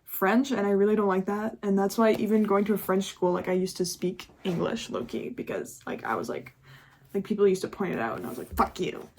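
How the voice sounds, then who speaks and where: A woman's voice: mid-range voice, a little fast, a little mellow, a little hiss or hum. A young woman talking candidly in a casual confessional vlog, chatty and full of swearing and laughter. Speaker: YouTuber.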